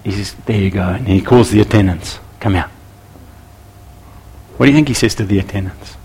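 A man preaching a sermon to church leaders, animated and acting out little scenes with voices. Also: lowish voice, quick pace, breathy edge. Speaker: pastor.

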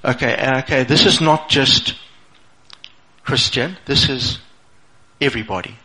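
A middle-aged man speaks in a loose, conversational way, checking in with his listeners and often restarting his phrases. His voice has a bright, forward edge, and his pitch sits in an ordinary male middle range. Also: unhurried, rough recording. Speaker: speaker sharing a personal testimony. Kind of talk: informal motivational talk.

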